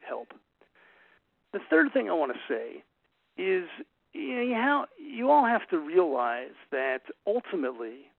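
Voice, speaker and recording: Earnest, gravelly man on tinny radio. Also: fairly high pitch, dry recording. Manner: emphatic, earnest, storytelling. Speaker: relationship speaker. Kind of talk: talk to a group. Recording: tinny phone-like radio sound.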